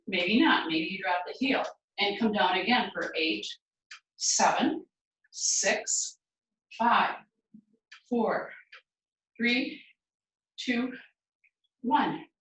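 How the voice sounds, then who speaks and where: A woman fitness instructor leading a guided home workout, counting reps aloud and giving steady encouraging cues. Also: medium pitch, slow, long pauses, lo-fi sound. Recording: very echoey room, mic far away.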